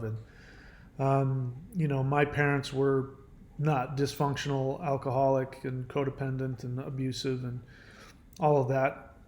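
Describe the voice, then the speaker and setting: A man, a caller, telling an emotional personal story in a halting, earnest way with many restarts. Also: mid-range voice, a little mellow.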